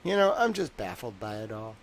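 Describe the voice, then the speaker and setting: A man's voice: fairly low pitch, sing-song, fairly quick, background noise. A young man hosting a livestream, rambling in casual chat with lots of fillers and wry laughs. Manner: meandering, lots of "like" and "I don't know"; wry, laughs between stories. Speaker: livestream host.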